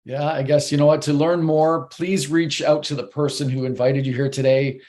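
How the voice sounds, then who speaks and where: Earnest male host, slightly high voice. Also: flat delivery, moderate pace, darkish tone. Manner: earnest, a little choked up, thanks everyone at length. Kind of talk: show sign-off. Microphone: video call.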